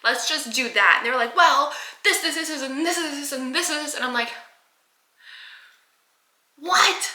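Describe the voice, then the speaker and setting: A young woman with a very bright, fairly high voice chats casually while getting ready at home. She tells stories, acting out what people said with sudden leaps up in pitch. The room around her sounds echoey. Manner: animated, acts out quotes with big pitch jumps. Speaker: vlogger. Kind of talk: casual chatty storytelling. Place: home, doing her makeup.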